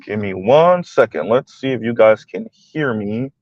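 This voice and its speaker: A man's voice: fairly low pitch, expressive, a little slow, dry recording, highs cut off. A man hosting a live stream, ranting and mocking as he comments, often swearing and laughing.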